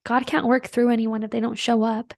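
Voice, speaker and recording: A woman's voice: a little high, level tone, brisk, vocal fry, a little mellow, no echo, clean studio sound. A woman hosting a podcast, telling a personal story in a chatty, earnest and emotional way, full of "like" fillers. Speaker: podcast host.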